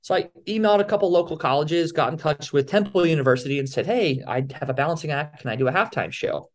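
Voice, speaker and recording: A young man from the Philadelphia area telling stories as an interview guest, lively and acting out the other people's lines. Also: on the high side, quick pace. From Philadelphia area, USA. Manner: animated storyteller, acts out quoted dialogue. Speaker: guest, balancing performer. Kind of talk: casual storytelling interview.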